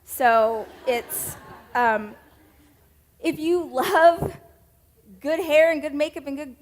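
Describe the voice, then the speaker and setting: A woman's voice: high voice, takes it slowly, long pauses. A woman in her thirties with a Southern American accent, giving a chatty, self-mocking sermon talk to a women's church group. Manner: chatty, self-mocking, with laughs and playful asides.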